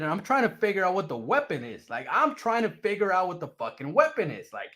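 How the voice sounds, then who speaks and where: A man telling his own story off the cuff, swearing freely and playing up the drama. His voice sits a little higher than most men's and swings widely up and down as he tells it. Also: moderate pace. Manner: profane, animated, dramatic retelling. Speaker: streamer telling a personal story. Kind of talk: casual storytelling.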